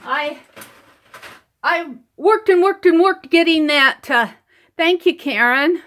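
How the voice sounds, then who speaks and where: A woman's voice: very high-pitched, expressive, takes it slowly, a bit bright. Chatty woman hosting an art livestream. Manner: chatty, laughs often, greets viewers by name. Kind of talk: casual live-stream chat while painting. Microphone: computer mic over wireless connection.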